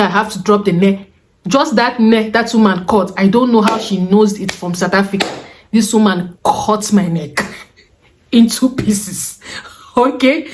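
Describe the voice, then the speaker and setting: A young woman with a Nigerian accent giving advice in a casual vlog from a room at home, animated and chatty with Pidgin asides. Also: mid-range voice. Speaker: vlogger. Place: room at home with the windows closed.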